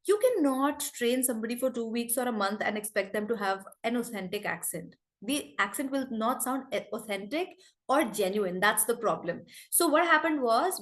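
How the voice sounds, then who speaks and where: A woman's voice: on the high side, fairly bright tone. Chatty Indian English woman teaching online. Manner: chatty, talks to students by name. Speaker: online accent trainer. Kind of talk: live online class. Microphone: video call.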